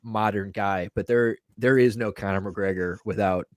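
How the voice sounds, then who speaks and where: A man co-hosting a podcast tells stories in loose, casual banter, profane and animated, laughing frequently. His voice is lowish, at normal speed, and the recording is dry.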